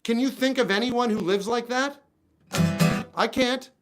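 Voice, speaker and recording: A man with a high voice chats casually on a music livestream, answering viewer comments with wry, exasperated remarks. An acoustic guitar rings out clearly behind him. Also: unhurried. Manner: wry, talks back to chat, exasperated asides. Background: acoustic guitar playing.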